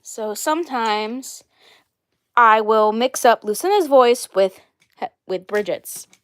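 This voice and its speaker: A woman with a fairly high voice talks on her own live stream in a loose, casual way. She rambles and circles back, repeating the same phrases again and again. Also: animated, slow pace. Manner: rambling and repetitive. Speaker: channel host.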